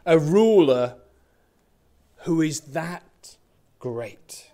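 A man's voice: fairly high pitch, animated, extremely slow, mellow. A man preaching a sermon in a church, talking conversationally with everyday illustrations and questions, and repeating words for emphasis. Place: church building with windows onto a car park.

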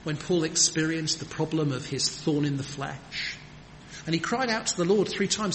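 A man's voice: a little high, normal speed, a bit bright. A man preaching a sermon in an earnest, emphatic manner, with rhetorical questions. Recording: long hall reverb, faint background noise.

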